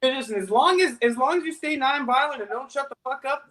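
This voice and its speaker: A man hosting a remote interview, talking in an over-eager, rapid way and interrupting often. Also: very high voice, a bit bright. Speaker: interview host. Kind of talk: casual interview chat. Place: remote video call.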